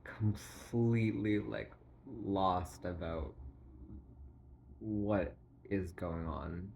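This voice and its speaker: Slow, low-voiced man musing aloud. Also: darkish tone, slight background noise. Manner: meandering, full of "like", halting pauses and throat clearing. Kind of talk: rambling philosophical monologue.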